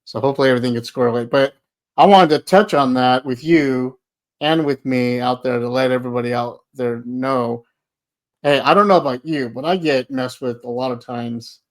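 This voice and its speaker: Halting man hosting a podcast. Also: mid-range voice. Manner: halting, stumbling restarts. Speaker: podcast host. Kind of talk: casual interview talk.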